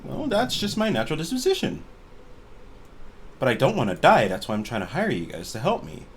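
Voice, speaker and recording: A man voicing a wealthy, oddly energetic young woman archaeologist in a tabletop game, talking bluntly and brightly. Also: on the low side, a little hiss or hum. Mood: chipper. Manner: bubbly, blunt, fast-talking.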